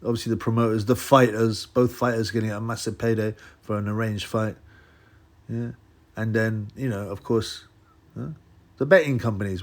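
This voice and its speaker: A man hosting his boxing channel, musing out loud in a rambling, casual way with many restarts. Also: fairly low pitch. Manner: rambling, restarts, mock voices for quotes. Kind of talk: casual solo commentary.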